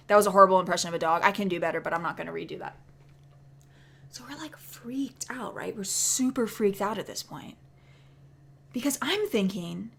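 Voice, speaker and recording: A woman telling a spooky story in a chatty, animated way, dropping into whispers for the scary parts. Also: medium pitch. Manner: chatty, many fillers of "like". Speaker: vlogger. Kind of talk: casual storytelling.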